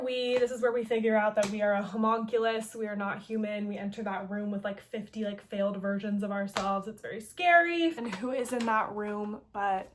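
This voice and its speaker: A woman recapping a story in a chatty, playful way. She fills her speech with casual filler and quick asides. Her voice sits slightly high, with a faint hiss in the background. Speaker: host.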